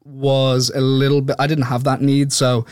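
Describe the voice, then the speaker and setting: A man's voice: medium pitch, level tone, moderate pace, a little mellow, dry recording, studio quality. A man, an author guest on a podcast, telling his story in loose casual chat, filling his sentences with "like". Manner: rambling, heavy use of "like", laughs easily.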